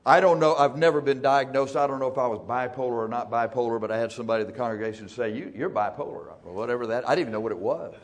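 A male pastor preaching in a church, folksy and emphatic, speeding up and slowing down for effect. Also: medium pitch, steady tone. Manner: folksy, emphatic, shifting between fast and slow. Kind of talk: sermon.

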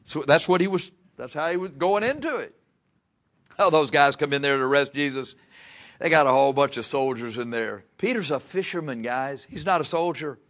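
A man's voice: medium pitch, a bit bright. A man preaching, telling a Bible story in a folksy way and acting out the voices. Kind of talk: sermon.

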